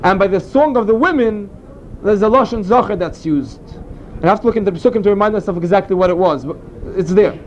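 Very high-voiced man teaching. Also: quick pace, muffled recording, a little hiss or hum. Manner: earnest, explanatory storytelling. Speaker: Torah teacher. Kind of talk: informal Torah class.

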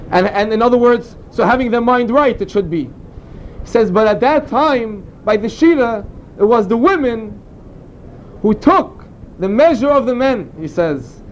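Very high-voiced man teaching. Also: highs cut off, a little hiss or hum. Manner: earnest, explanatory storytelling. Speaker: Torah teacher. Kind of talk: informal Torah class.

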